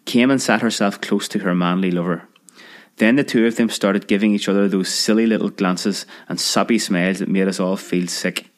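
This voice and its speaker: Male narrator, low voice, lively storytelling, audiobook read. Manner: lively storyteller voicing characters. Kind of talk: scripted narration of a children's memoir.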